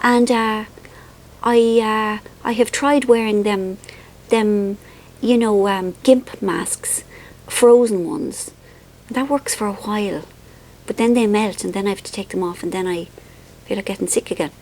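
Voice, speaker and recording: A woman's voice: medium pitch, measured pace, a little mellow. An Irish woman vlogging in a casual, rambling and self-mocking way, worn out by the heat. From Ireland. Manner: chatty, rambling, self-mocking, with frequent ums. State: wilting from the heat. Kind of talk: casual chat to camera.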